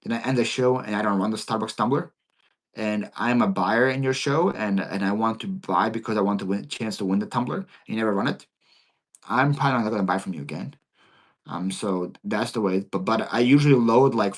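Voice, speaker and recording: A man raised in Philadelphia after being born in Ukraine takes sellers' questions on a casual livestream, his Philly accent clear. His slightly low voice falters often, with frequent repeated words and restarts.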